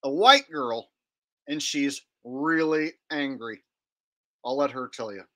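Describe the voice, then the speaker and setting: A man's voice: medium pitch, slow, a bit bright. A man hosting a commentary video, teasing and talking straight to his viewers. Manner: drawling, teasing, addresses viewers. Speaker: commentary host. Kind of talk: commentary on clips.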